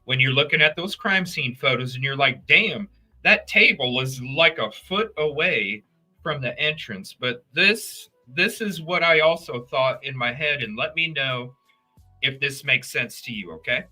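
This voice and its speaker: Speaking at a medium pitch and an unhurried pace, a man hosts an easygoing true crime stream over soft background music. He addresses his chat viewers directly, animated and foul-mouthed, wandering from point to point.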